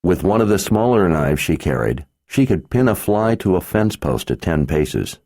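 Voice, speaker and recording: A man narrating a fantasy audiobook in an expressive storytelling manner. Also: deep voice, moderate pace, no room sound, clean studio sound. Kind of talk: scripted narration.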